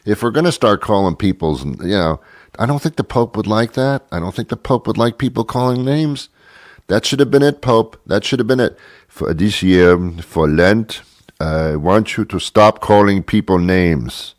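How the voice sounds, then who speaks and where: A man's voice: low voice, animated, measured pace, no echo, studio quality. A man hosting a talk show, ranting sarcastically in a comic monologue. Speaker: radio talk show host.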